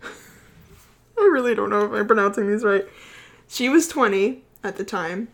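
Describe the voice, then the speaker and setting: A woman's voice: mid-range voice, moderate pace, long pauses. Rambling, giggly young woman podcaster. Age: about 20. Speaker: podcast host. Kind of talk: casual chat.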